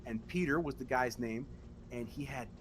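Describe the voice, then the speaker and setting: A man's voice: medium pitch, normal speed, noisy background. Profane storytelling podcast man. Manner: animated, profane, acts out quotes. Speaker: podcast host. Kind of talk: casual chat, storytelling.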